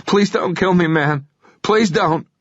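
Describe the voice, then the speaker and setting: A man voicing a young, drunk American man with a high, strained voice, in an audiobook reading. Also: moderate pace, no room sound, highs cut off, lightly acted. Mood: panicked.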